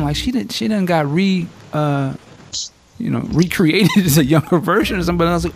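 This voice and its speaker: A man hosting a podcast in casual chat, telling stories with slang and swearing, jumping up high to act out quotes, and laughing often. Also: normal speed, gravelly, breathy edge. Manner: animated storytelling, acting out quotes in a raised voice. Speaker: podcast host.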